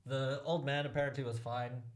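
A man's voice: medium pitch, brisk. A young man co-hosting a podcast, chatting casually with frequent "um"s, breaking into laughs now and then. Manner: relaxed, laughs often, hesitant fillers. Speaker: podcast co-host. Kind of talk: casual chat.

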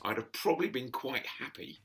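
A man, chatting as an interview guest and telling stories, animated and quick to laugh, often acting out the voices of people he quotes. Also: medium pitch. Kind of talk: casual storytelling interview.

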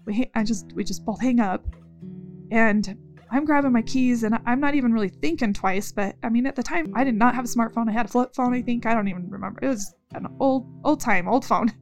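Rambling, high-voiced woman telling her story. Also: a little mellow, soft background music. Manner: rambling, halting, restarts mid-sentence with nervous laughs. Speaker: interviewee recounting events. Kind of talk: casual spoken recollection.

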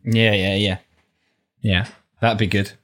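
A man's voice: lowish voice, level tone, slow pace, a bit bright. A young man with a London accent, co-hosting a podcast in casual, chatty talk. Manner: chatty and laughs easily. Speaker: podcast co-host. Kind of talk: casual chat.

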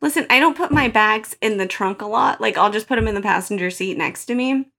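A woman's voice: medium pitch, a little fast, creaky, very noisy. A woman co-hosting a podcast, telling a story in casual chat and laughing often as she goes. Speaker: podcast co-host.

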